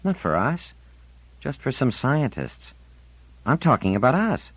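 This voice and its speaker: An earnest, wistful fifteen-year-old girl, as a male narrator lifts his voice well above his own pleads and insists in a lively, rising voice. The audiobook sound is dull and lo-fi, close and dry. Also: medium pitch, measured pace, breathy edge, no echo, pitched above the performer's own voice. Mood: frustrated.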